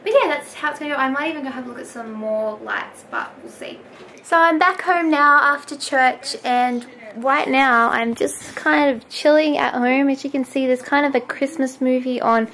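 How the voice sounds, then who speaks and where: A woman's voice: high voice, normal speed, a bit bright, slight background noise. A young woman chatting casually through a makeup tutorial vlog at home, rambling and correcting herself as she goes. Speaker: vlogger. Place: home, indoors. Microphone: camera on a stand close by.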